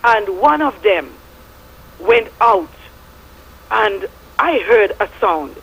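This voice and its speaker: Middle-aged Statian Caribbean woman caller, husky, fervent and preachy, lively pitch. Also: slow pace, rough recording. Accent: Statian Caribbean English. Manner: fervent, preachy storytelling with biblical references. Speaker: radio caller. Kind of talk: impassioned call-in testimony.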